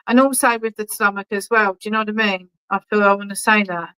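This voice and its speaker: Bright, clear-voiced woman medium. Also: mid-range voice, fairly even intonation, fast talker, poor audio. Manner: chatty and reassuring, keeps checking in with "okay?"; affectionate, calls people darling. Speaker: spiritualist medium. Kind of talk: clairvoyant readings at an online church service.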